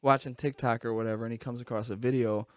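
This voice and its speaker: A man's voice: mid-range voice, steady tone, fast, dry recording, studio quality. A man in his thirties telling a story in a casual, laid-back way, swearing and saying "dude" often.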